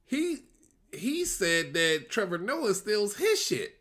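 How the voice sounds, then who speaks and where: An excitable man co-hosts a casual chat, cutting in often and stammering over his restarts. His tone is bright and tense, and he talks slowly and draws his words out. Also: sits high.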